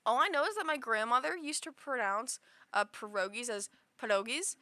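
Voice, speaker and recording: A woman's voice: a little high, moderate pace, sharp tone, no echo. Giggly, rambling young streamer woman. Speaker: livestreamer. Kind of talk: casual chat with stream viewers.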